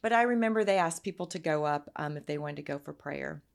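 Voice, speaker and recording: A woman speaks with a low, gravelly, fry-laden voice. She tells a personal faith story in an earnest, halting way, pausing and restarting. She sounds close to tears. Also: expressive. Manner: earnest, halting, tearful at times. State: near tears. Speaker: interview guest. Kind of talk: emotional personal testimony.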